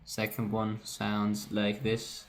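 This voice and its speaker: A man's voice: on the low side, monotone, slow pace, soft background music. A man walking through how he produced his own song, talking casually and correcting himself as he goes. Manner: casual and self-correcting, often says "right". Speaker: music producer. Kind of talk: screen-recorded production walkthrough.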